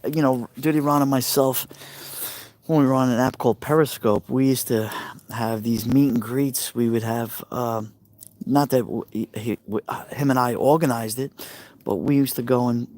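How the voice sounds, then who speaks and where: A man's voice: medium pitch, fairly even intonation, normal speed, a little mellow, dry recording. A man with a Brooklyn Italian American accent, chatting casually on a live stream and answering viewers' messages aloud. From New York. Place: outdoors by a fire pit at night.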